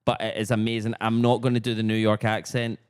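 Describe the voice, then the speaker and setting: A man's voice: lowish voice, monotone, fast talker, clear, resonant tone, dry recording, studio quality. Man chatting as podcast host. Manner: joking, rambling, laughs often. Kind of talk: casual chat.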